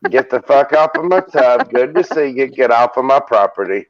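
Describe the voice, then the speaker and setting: A man's voice: mid-range voice, lively intonation, moderate pace, muffled recording, slight background noise. A man on a casual live chat, joking and swearing, with stammering restarts. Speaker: live stream guest.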